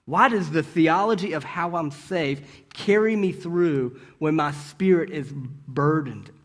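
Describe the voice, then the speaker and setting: Male preacher, conversational sermon, slightly high voice, rhetorical questions and asides. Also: slow. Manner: asks rhetorical questions and checks in with "right?"; storytelling with brief restarts.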